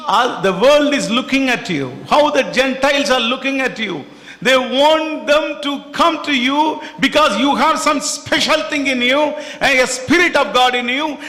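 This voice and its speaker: Fervent preacher, high and echoey. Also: male voice, pushed and bright. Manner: fervent, repetitive, storytelling. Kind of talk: sermon. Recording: echoey hall.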